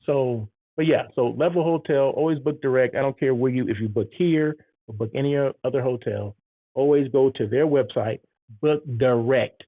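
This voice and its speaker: Gravelly chatty man vlogging. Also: mid-range voice, moderate pace, no room sound. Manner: chatty, keeps checking in with "right?" and "okay?". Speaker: hotel site selection planner and vlogger. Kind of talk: casual vlog monologue. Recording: tinny phone-like sound.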